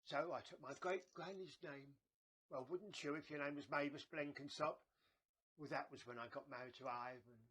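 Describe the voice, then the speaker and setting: A man's voice: a little high, fairly even intonation, moderate pace, sharp tone, slightly rough. A man doing a rambling old fortune-teller woman. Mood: gossipy. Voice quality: rambling, stammering, theatrical. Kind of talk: comedy sketch acting.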